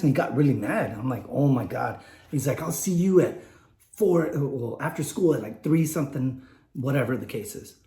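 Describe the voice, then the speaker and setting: Man, late 40s, rambling candid storyteller, mellow tone, roomy echo. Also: medium pitch. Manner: rambling, candid, many fillers and restarts. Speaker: vlogger telling a personal story. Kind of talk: unscripted personal storytelling. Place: indoors, warm room.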